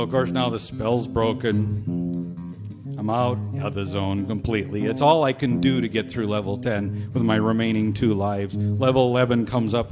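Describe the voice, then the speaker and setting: A middle-aged man at an open mic, telling a humorous personal story with animated comic suspense. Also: medium pitch. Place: community open mic stage. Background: guitar music.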